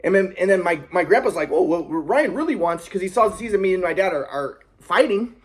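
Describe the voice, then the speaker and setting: Young man, aggrieved rambling monologue; fast, high, husky. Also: animated. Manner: rambling, aggrieved, many restarts and repetitions. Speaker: vlogger. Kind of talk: personal storytelling monologue.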